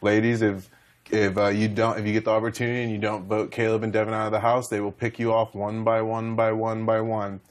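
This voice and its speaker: A man's voice: on the low side, flat delivery, fairly quick. A young man and reality show contestant, rambling emotionally as he retells conversations in a heated talk.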